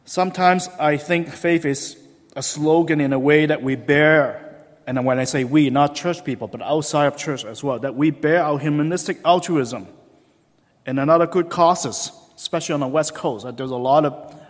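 A man's voice: a little high, moderate pace. A man, a hospital chaplain, preaching a conversational sermon in a church and telling a story with lots of fillers. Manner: chatty and storytelling, many fillers, acts out dialogue. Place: church sanctuary. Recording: long church reverb.

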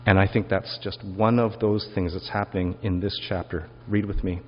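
A male pastor preaches a reflective sermon, easing into rhetorical questions in a somewhat low voice. The recording is dull and lo-fi. A long reverb rings through the church hall. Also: steady tone, moderate pace, slight background noise.

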